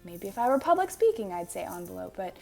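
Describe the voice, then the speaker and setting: A woman from Manitoba talks casually to her viewers in a Manitoban Canadian accent, going through words one by one and explaining them. Her voice sits at a middle pitch for a woman. Faint music plays behind her. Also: big pitch swings, quick pace. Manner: chatty, explains word by word, upbeat. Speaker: vlogger doing an accent tag. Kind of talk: casual talk to camera.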